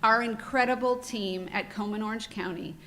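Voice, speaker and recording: At a conference in a hotel meeting room, a woman delivers welcome remarks into a mic in a mid-range voice at a fairly quick pace. A faint hiss or hum is audible, and she sounds warm and heartfelt, straying a little off-script with emotion.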